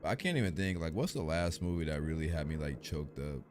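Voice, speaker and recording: A man's voice: very deep voice, expressive, a little fast, noisy background. A young man streaming, chatting casually in a rambling, slangy way full of fillers.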